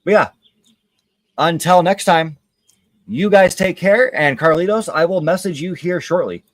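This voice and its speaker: A man's voice: high voice, measured pace, dry recording. Man, livestream gamer, casual chat, frank and rambling, hesitant, dry sound. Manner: candid, rambling, many hesitations. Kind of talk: casual chat while gaming.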